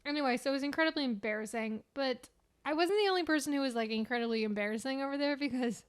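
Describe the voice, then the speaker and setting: A young woman with a high-pitched voice co-hosts a casual podcast. She tells stories in an animated way and swears freely. She laughs often as she talks. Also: fast, clear, resonant tone. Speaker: podcast co-host. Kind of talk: casual chat.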